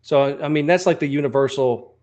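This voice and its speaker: A man's voice: fairly high pitch, brisk, a little mellow. A man co-hosting a podcast who gives short replies and tells a plain anecdote in casual chat. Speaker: podcast co-host.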